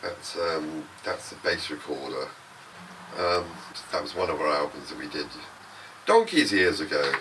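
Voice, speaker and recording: A man's voice: rumbling low, animated, unhurried. An older Englishman, a musician, telling rambling, chatty anecdotes in a documentary interview. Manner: chatty, rambling storyteller who laughs easily. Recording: noisy ambient documentary recording.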